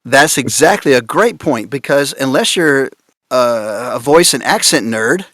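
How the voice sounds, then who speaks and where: A man speaking on a conference panel about voice direction, amused and animated, laughing often. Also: medium pitch, unhurried, no room sound, clean studio sound. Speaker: panelist on voice acting.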